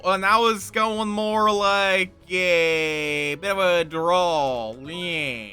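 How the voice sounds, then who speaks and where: Male streamer, unhurried and self-mocking, high bright tone; faint game music underneath. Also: clean tone. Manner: rambling, playful, self-deprecating, chats with viewers. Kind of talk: casual livestream chat over gameplay.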